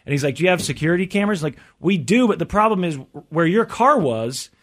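A male co-host talks fast in casual banter, slipping into the voices of the people in his story. His voice sits a little high. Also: expressive. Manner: fast storytelling, acting out quotes. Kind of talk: casual chat.

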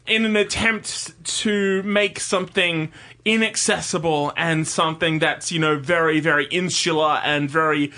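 Bright-voiced man, enthusiastic. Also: a little high, fairly even intonation, normal speed. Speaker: podcast co-host. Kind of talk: casual chat about music.

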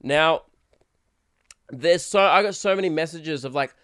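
A man's voice: on the high side, measured pace, fairly bright tone, clean tone. A young man hosting a solo podcast, rambling crudely and laughing often. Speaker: podcast host. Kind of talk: casual solo podcast rant.

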